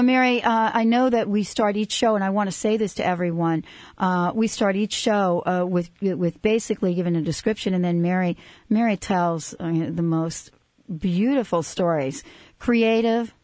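A woman's voice: medium pitch, darkish tone, no room sound. Hesitant woman hosting a radio show. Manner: hesitant, many fillers and restarts. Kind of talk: casual radio talk.

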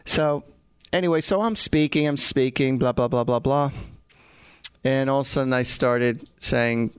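A man's voice: medium pitch, moderate pace, clear, resonant tone, no room sound. A man, a psychic medium, chattily telling funny stories and laughing often. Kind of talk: casual storytelling.

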